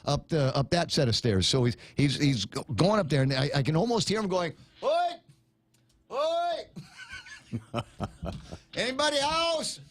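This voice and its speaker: A man's voice: on the high side, animated, a little fast, few pauses, slight background noise. A middle-aged man from Guam hosting a casual morning radio talk show, rambling with many restarts and playful asides.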